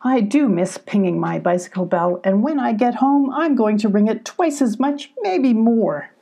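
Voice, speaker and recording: A woman voicing an excitable young female cat adventurer, chatty and eager, in a storybook reading. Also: a little high, normal speed, vocal fry. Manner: eager, chatty, bright-voiced.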